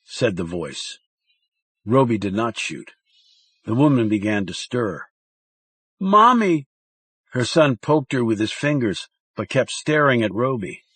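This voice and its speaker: Brief: husky male narrator for a thriller audiobook, slow and very expressive, dry studio sound. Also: medium pitch, no room sound. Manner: slow, measured, dramatic reading.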